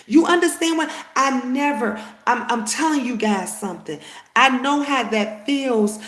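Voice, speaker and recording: A woman's voice: a little high, expressive, normal speed, echoey room. A woman telling a personal story to her viewers in casual chat, emphatic and heated, often turning to address them directly.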